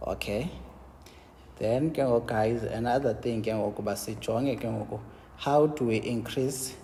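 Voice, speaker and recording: A man with a Xhosa South African accent lectures on engineering in a blend of English and Xhosa, working step by step and confirming with quick checks like "yabo?". His mellow, mid-range voice sounds like a big room, with slight background noise.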